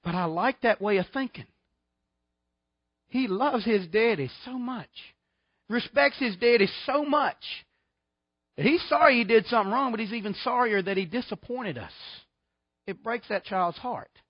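A middle-aged man preaches a sermon, folksy and emphatic, firing off rhetorical questions. His voice sits a bit high for a man. The sound is dull and muffled, with a dry, close feel. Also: measured pace, dry recording. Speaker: pastor.

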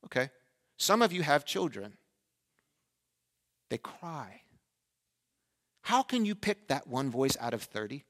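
A man's voice: medium pitch, sing-song, takes it slowly, long pauses, fairly bright tone. A male pastor delivering a sermon who asks the congregation questions and briefly acts out their replies.

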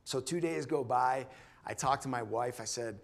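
Brief: man giving a church testimony, earnest and halting, mid-range voice, restarts often. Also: medium pitch, vocal fry. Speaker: church member sharing a testimony. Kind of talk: personal testimony talk.

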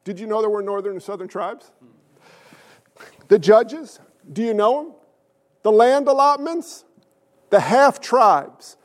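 A male pastor with a strikingly high voice preaches at a measured pace, pausing often. He swings between loud emphasis on his points and hushed asides, repeatedly putting questions to the congregation.

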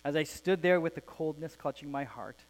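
A man preaching a sermon as pastor of a church, reading a story aloud and explaining it in an earnest way that softens at the ends of phrases. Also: fairly high pitch, moderate pace, rough recording.

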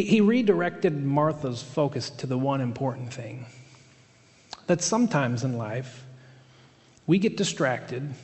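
A man's voice: a little high, darkish tone. A male pastor preaching a sermon in a conversational way, with fillers and restarts. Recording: long hall reverb.

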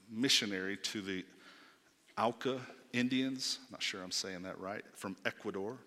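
Forceful low-voiced man preaching. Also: long reverb tail. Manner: emphatic, swings from loud to hushed, rhetorical questions. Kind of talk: sermon.

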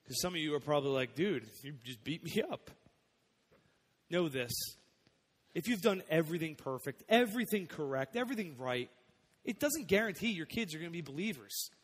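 A young adult male pastor giving a sermon, conversational and personal, dropping soft then rising to emphatic points. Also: on the high side, big pitch swings, a little fast. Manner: conversational preaching, swings between soft and emphatic. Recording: long hall reverb.

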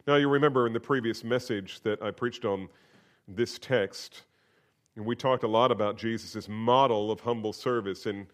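Male pastor, mid-pitched voice, emphatic preaching that swings up in pitch and volume. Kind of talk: sermon.

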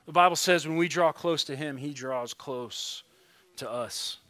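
Pastor, male, high bright voice, earnest sermon delivery with hushed emphasis, dry close sound. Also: dry recording. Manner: earnest preaching, drops to a hush on key words; reads scripture slowly and deliberately.

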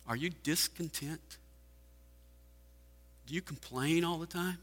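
A man's voice: fairly high pitch, slow pace, pauses often, a bit bright. A man preaching a sermon, firing off rhetorical questions with emphasis. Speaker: pastor. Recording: hall reverb.

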